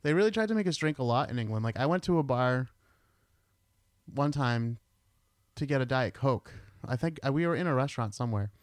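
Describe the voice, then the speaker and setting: Easygoing american guy on a podcast, smooth clear voice, dry close mic. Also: medium pitch, animated, a little fast, no room sound. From United States. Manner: laid-back, swears casually, tells stories. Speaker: podcast host. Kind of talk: casual chat.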